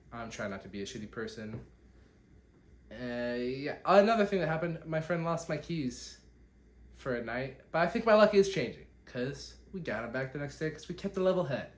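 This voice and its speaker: A young man hosting a solo podcast, rambling and self-deprecating as he catches viewers up, recorded on a phone. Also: medium pitch. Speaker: podcast host. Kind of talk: solo catch-up vlog talk. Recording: echoey room, faint background hiss.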